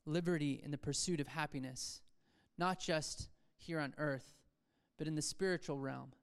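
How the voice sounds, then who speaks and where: A man preaching a sermon to his church, swinging between soft reflective talk and emphatic rises, with self-deprecating asides. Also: on the high side, creaky. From Seattle area, USA. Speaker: pastor. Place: church sanctuary.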